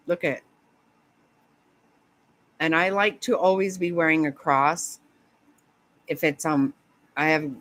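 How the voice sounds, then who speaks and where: A woman chatting casually with viewers on a live stream, laughing often, swearing and rambling in a flustered way. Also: low voice.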